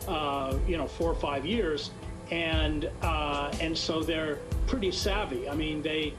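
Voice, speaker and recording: A man answering in an interview, speaking in a measured, deliberate way with hesitant fillers. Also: on the high side, over music, poor audio. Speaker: interviewee in a played clip.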